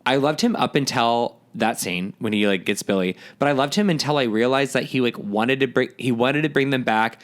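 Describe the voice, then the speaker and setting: A male podcast co-host talking casually and with real animation. His voice sits at an ordinary middle pitch, and he hammers home points by repeating them. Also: fairly quick, few pauses. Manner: emphatic, animated, repeats himself for emphasis. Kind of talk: casual chat.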